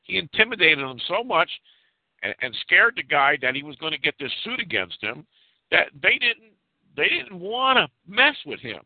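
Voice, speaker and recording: Man, casual storyteller, animated, repeats words, lively pitch, tinny phone line. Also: normal speed, dry recording. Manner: animated, repeats words while acting out the people in his story. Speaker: storyteller on a talk show.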